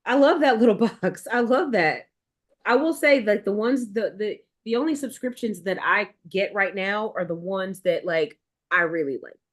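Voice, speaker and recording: A woman's voice: medium pitch, moderate pace. A woman hosting a live sewing chat, talking casually and rambling with fillers and restarts. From United States East Coast. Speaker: livestream host.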